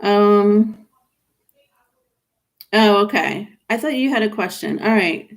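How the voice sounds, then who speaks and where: A woman's voice: medium pitch, slow. A woman reading tarot on a live stream, talking with viewers in a chatty, casual way, reading their comments aloud and calling them honey. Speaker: tarot reader.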